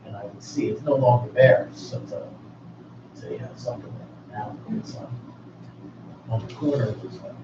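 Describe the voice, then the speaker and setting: A man's voice: medium pitch, normal speed. A man hosting a radio show, chatting casually in a rambling, jokey way. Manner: rambling and jokey, restarts often. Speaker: radio host. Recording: echoey, distant, dull, noisy room.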